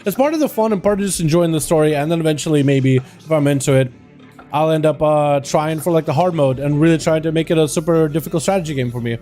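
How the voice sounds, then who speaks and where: A man streaming live, giving excitable play-by-play of game duels and breaking into joking asides. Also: fairly high pitch, fast talker, soft background music. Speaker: streamer and match commentator. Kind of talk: livestream game commentary.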